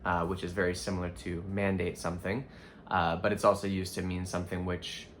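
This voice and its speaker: A man teaching Spanish vocabulary in a relaxed, thinking-aloud way, with frequent fillers and restarts. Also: low-pitched, a little fast, slight background noise. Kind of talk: casual explanatory lesson.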